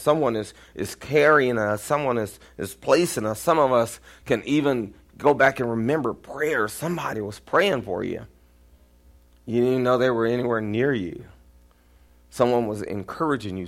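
A man with a Texan accent preaches to his congregation in a lively, storytelling way. His pitch swings widely as he acts out the voices in his stories, and at times he nearly shouts. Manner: animated, jumps into quoted voices, sometimes near-shouting. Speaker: pastor. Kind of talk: storytelling sermon.

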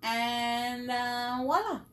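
A woman's voice: on the high side, drawn-out words, a bit bright, slight background noise. Chatty woman in her thirties, laughing a lot. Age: 30s. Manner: chatty, laughs often, swears casually. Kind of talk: casual chat.

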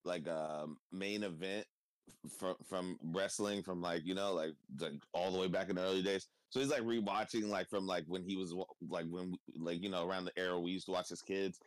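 A podcast co-host chats casually, rambling with plenty of fillers and swearing. His voice sits low with fairly even intonation, at normal speed and with no echo.

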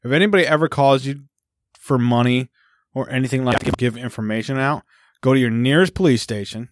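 A man's voice: medium pitch, a little fast, noisy background. A man hosting a podcast, chatting casually with crude jokes and frequent laughter. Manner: crude, joking, laughs often. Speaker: podcast host. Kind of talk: casual chat.

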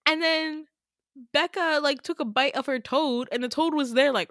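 A woman's voice: normal speed, no echo. Chatty woman telling a dream, dry sound. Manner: chatty, frequent "like" fillers, swears freely; animated, swings into sudden high exclamations. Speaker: podcast host. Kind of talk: casual storytelling of a dream.

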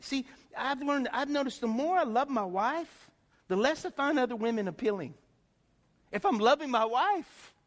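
A man preaching a sermon, telling stories excitedly and swinging from soft talk to shouts. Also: sits high, normal speed. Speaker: pastor.

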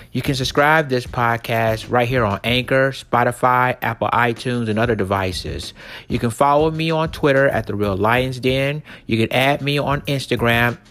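A man hosting his own podcast, ranting with indignation and cursing as he reads and reacts to a news story. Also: mid-range voice. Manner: profane, indignant, emphatic. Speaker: podcast host. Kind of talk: angry podcast rant.

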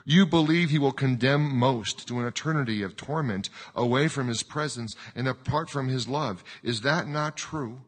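A man voicing a calm, wise woman who quietly presses a grieving father, speaking slowly and gently. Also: mid-range voice, natural voice. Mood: probing. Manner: slow, quiet, gently probing. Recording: long hall reverb.

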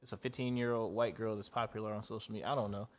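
A man's voice: on the low side, level tone, rapid-fire. A young man co-hosting a casual podcast chat, blunt and profane, rambling through his thoughts. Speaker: podcast co-host.

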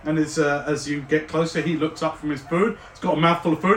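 A man narrating as game master, describing the scene at length with frequent fillers and pauses. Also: fairly high pitch, fairly even intonation, a bit bright. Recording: roomy, distant mic.

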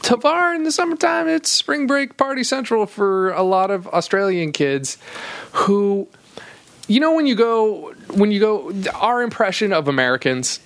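A man's voice: sits high, lively intonation, normal speed, fairly bright tone. A man co-hosting a comedy podcast, telling a travel story in a rambling, profane way with many restarts. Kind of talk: casual storytelling chat.

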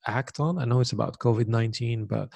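A man's voice: medium pitch, fairly quick, vocal fry, a little mellow, no echo. A man interviewing a guest, hesitant, with many ums while he forms his questions. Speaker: interviewer, podcast host.

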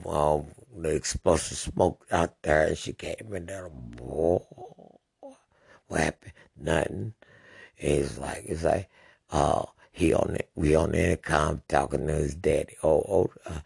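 A man's voice: a bass voice, creaky, darkish tone, slightly rough, dry recording, studio quality. A man casually and profanely reminiscing about old times, acting out sound effects as he swears freely. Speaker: storyteller.

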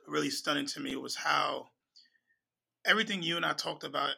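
A man's voice: fairly high pitch, fairly quick, gravelly, sharp tone, slightly rough, low-quality recording. A man in casual chat, enthusiastic and repeating words as he talks.

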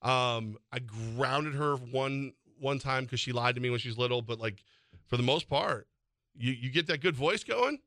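A man in his forties hosting a sports radio show, teasing his co-host and telling animated stories in casual banter. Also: mid-range voice, measured pace, no echo, clean studio sound. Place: radio studio. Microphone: studio microphone.

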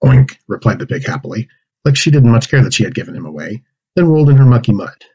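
A man with a low, husky voice reads a children's story aloud. He performs the dialogue and animal noises with lively storybook expression, husky texture throughout. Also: fast, dull audio. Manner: acts out pig oinks and character lines. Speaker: narrator reading a manuscript aloud.

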